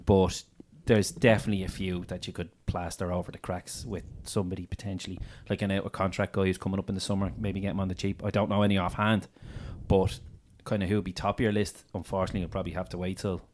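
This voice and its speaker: A man's voice: sits low, quick pace, few pauses, a little hiss or hum. A man co-hosting a casual radio show, joking and laughing often. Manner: laughing, excitable, jokey. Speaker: radio co-host.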